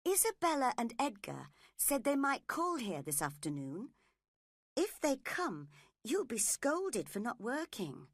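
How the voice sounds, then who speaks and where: A woman's voice: big pitch swings, unhurried, no room sound, clean studio sound, exaggerated voice. A woman voicing a spoiled, hot-tempered young woman who speaks crossly and sharply. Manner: cross and shrill.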